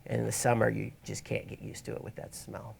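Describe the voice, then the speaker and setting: A man's voice: lowish voice, little pitch movement, brisk, gravelly, a little mellow, slight background noise. A man presenting a photography workshop in a casual teaching style, with wry, rambling asides, speaking in an event space to an audience. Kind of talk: casual instructional talk.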